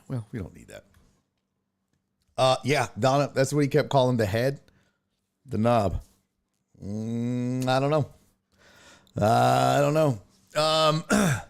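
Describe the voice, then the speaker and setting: Casual male sports-stream host, mid-pitched, swears freely, rambles and laughs mid-story. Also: gravelly. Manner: rambling, profane, laughs while telling stories. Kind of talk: casual livestream chat.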